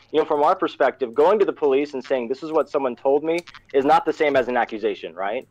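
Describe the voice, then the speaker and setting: A man's voice: a little high, a little fast, lo-fi sound. A man co-hosting a casual live discussion, explaining his points with many restarts over an online call.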